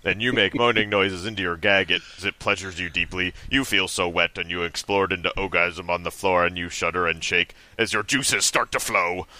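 A man on a comedy podcast giving a steady, deadpan reading of amateur fiction in the second person. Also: deep voice, moderate pace, hardly any pauses, no room sound. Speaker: podcast co-host reading aloud.

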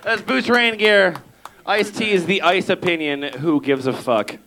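A man introducing readers at a comedy event, dry and sarcastic with many halting fillers. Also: high-pitched, bright, forceful tone, slight background noise. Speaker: event emcee. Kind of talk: casual stage introduction.

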